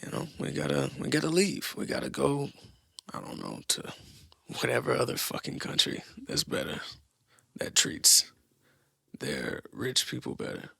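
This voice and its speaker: A man's voice: mid-range voice, wildly swooping pitch, moderate pace, vocal fry, sharp tone, slightly rough, dry recording, clean studio sound. A young man hosting a podcast, ranting bluntly with lots of profanity and mockery. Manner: blunt, profane, mocking rants. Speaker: podcast host. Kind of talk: opinionated solo monologue.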